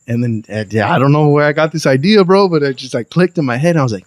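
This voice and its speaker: A young man, a podcast guest telling a wild story in a lively, profane, slangy way. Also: fairly high pitch, fast talker, hardly any pauses, no echo. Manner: animated, profane, slangy storytelling with acted quotes. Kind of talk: casual storytelling.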